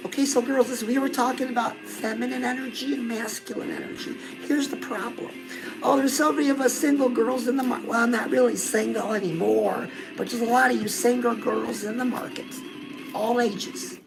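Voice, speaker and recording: A woman's voice: on the high side, steady tone, moderate pace, gravelly, music in the background, low-quality recording. A middle-aged woman hosting a casual livestream chat, coaching her viewers and calling them "girl". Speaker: host.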